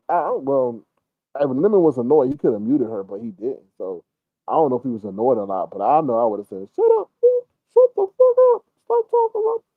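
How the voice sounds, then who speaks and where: A man's voice: a little high, dry recording, phone-quality sound. A man giving rambling, profane casual commentary on a livestream and answering chat.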